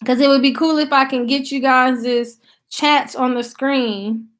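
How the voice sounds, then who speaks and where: A woman's voice: high voice, steady tone, a little slow, fairly bright tone. A woman with an American country accent hosting her channel's live stream, chatting casually and reading out viewer comments with many fillers. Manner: chatty and loose, thinks aloud with many fillers. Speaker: YouTube channel host.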